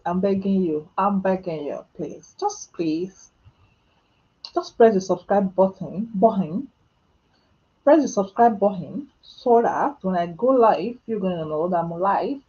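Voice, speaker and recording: A woman's voice: mid-range voice, expressive, moderate pace, warm tone, highs cut off. A woman from Nigeria with a Nigerian accent, chatting casually on a live stream as she answers viewers' questions, joking about herself and laughing often. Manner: chatty and self-mocking, laughing often, with Nigerian Pidgin asides. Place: home.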